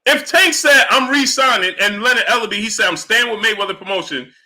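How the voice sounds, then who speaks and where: A man hosting a sports livestream, talking fast and exasperated, firing rhetorical questions and greeting chatters in a low mutter. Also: pushed and bright. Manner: exasperated, rhetorical, repeats himself. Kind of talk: live stream commentary, reading chat.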